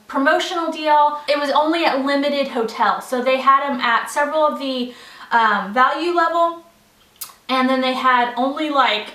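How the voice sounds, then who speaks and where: A bubbly American mom chatting to her camera, high and bright in tone. She talks in a chatty, rambling way, full of "like" and little laughs. Her voice rings a bit in an echoey room, from a step away from the mic. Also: distant mic. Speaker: vlogger, mother of three. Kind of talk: casual chat to camera.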